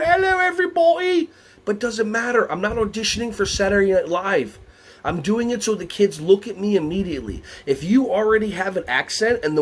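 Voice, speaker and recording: A man from the United States leading a lively workshop for early childhood educators, playful and energetic. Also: on the high side, slight background noise. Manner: animated, playful, breaks into songs and silly voices.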